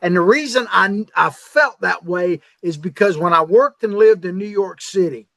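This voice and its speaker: A man's voice: high voice, moderate pace, gravelly, sharp tone, no echo. A man co-hosting a podcast, telling stories about politics in an emphatic, insistent way. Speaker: podcast co-host. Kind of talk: casual political chat.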